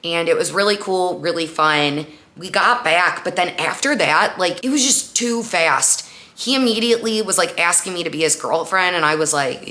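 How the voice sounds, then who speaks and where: A young woman with a low-set voice that still rings bright and forward, hosting her own podcast. She tells a personal story in a loose, chatty way, full of "like" and little acted-out quotes. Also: normal speed. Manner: chatty, animated retelling with frequent "like" and acted-out quotes. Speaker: podcast host. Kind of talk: casual storytelling podcast monologue.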